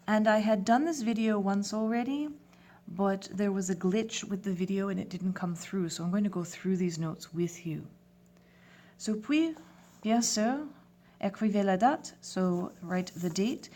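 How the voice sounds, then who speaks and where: A woman teaching a lesson, speaking clearly and patiently and spelling words out letter by letter. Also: mid-range voice, a little mellow. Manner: switches between French and English phrases. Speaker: French teacher. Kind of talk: classroom lesson video.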